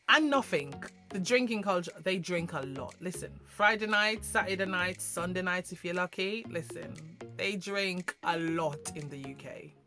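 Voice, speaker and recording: A woman from Jamaica with a Jamaican accent, chatting to camera in an animated, emphatic way with slangy asides. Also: lowish voice. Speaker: vlogger. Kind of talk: casual chat to camera.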